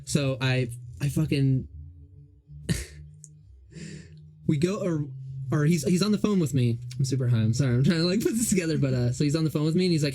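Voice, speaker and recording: A man's voice: fairly high pitch, animated, fairly quick, pauses often, dark tone. A young man hosting a podcast, telling a story in a rambling, profane, casual way. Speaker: podcast host. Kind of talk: casual chat.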